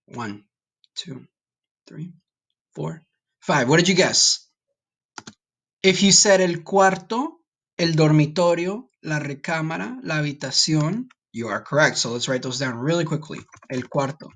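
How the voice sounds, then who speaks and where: A man's voice: a little high, animated, measured pace, pauses often, fairly bright tone. A man teaching a recorded Spanish vocabulary lesson, patient and encouraging, often checking in with "okay?".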